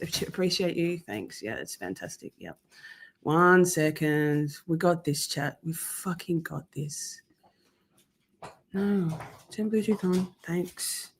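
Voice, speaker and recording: A woman's voice: fairly low pitch, a bit bright. A woman streaming live, chatting casually to her viewers and swearing freely while she fights with her gear.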